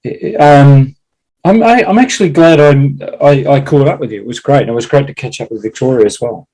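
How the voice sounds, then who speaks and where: A man talking in a casual conversation, halting with many restarts and laughing often. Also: mid-range voice, mellow, low-quality recording. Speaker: guest.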